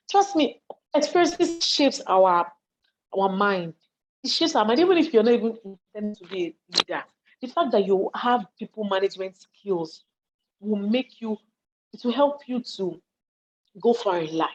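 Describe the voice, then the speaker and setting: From her home study, a Nigerian woman who speaks on leadership and volunteering gives a live online talk to an audience in a chat, lively and conversational, acting out what people say and often asking if listeners follow. She's hungry and yawning, with a mid-range voice at normal speed. The video call audio is dull and lo-fi.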